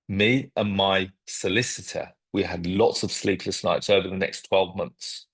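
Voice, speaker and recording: A man, a property investor telling a story to camera and acting out phone calls in lively detail. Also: on the low side, breathy edge.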